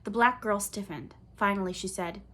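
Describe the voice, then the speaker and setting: A woman's voice: medium pitch, moderate pace, pushed and bright, a little hiss or hum. Woman narrating a storybook. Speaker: audiobook reader.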